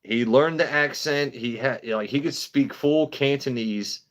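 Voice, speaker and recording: A man's voice: medium pitch, normal speed. Rambling, foul-mouthed man telling stories. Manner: rambling, profane, animated. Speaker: host. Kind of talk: casual livestream storytelling.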